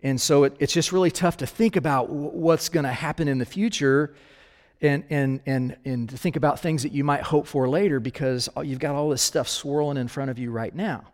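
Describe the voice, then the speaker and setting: A man's voice: on the high side, moderate pace. Male pastor preaching in an echoing hall. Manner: casual, talks directly to listeners with questions. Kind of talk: conversational sermon.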